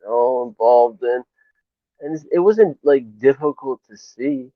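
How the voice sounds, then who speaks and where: A man with a medium-pitched voice speaks a little slowly in a heated voice chat argument, the audio tinny and phone-like with no room sound. He is defiant and dismissive, brushing off insults.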